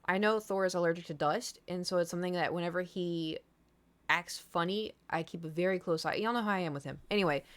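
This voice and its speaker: A woman's voice: fairly low pitch, fast talker, fairly bright tone. A woman streamer chatting casually to her viewers, telling a long rambling story full of fillers and blunt swearing. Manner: rambling, filler-heavy, candid and profane.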